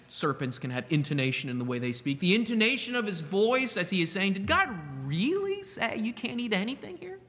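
A man preaching a sermon, slowing down to stress quoted words and asking the listeners rhetorical questions. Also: high voice, sharp tone, in a large hall. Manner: slow, emphatic delivery with rhetorical questions. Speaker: pastor.

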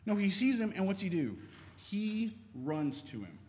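A man's voice: sits high, big pitch swings, measured pace, darkish tone. A man preaching a sermon in a conversational way, reading scripture aloud between points. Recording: long reverb of a large hall.

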